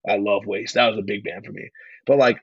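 Brief: young male guest, rambling slangy storyteller, husky voice, dry close sound. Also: fairly low pitch, fairly even intonation, fairly quick, no room sound, dull audio. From California. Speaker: hardcore band vocalist, podcast guest. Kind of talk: casual interview chat.

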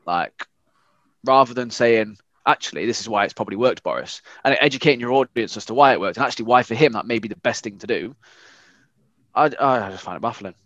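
A British man in a casual podcast chat, ranting and swearing in an animated way. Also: mid-range voice, fast talker, no room sound, dull audio.

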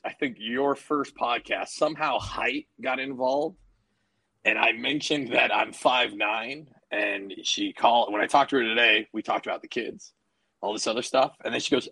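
A man with a raspy, gravelly voice co-hosting a podcast, rambling and swearing freely in casual banter. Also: medium pitch, unhurried, bright, forceful tone, low-quality recording. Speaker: podcast co-host.

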